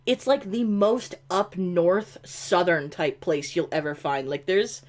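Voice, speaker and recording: Speaking slowly in a fairly low voice, a woman with an upstate New York accent chats as she games on a stream. She rambles, leans heavily on "like," and laughs easily.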